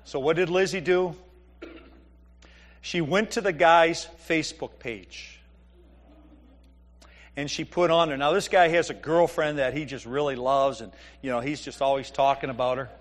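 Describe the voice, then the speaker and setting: Here a middle-aged pastor reads from the Bible and tells humorous family anecdotes in a chatty sermon. His voice is on the high side with fairly even intonation, moving at a moderate pace broken by long pauses.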